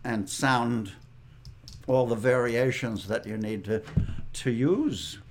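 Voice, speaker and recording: An older man, a guest actor, telling anecdotes in a measured, dry way during an interview. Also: mid-range voice.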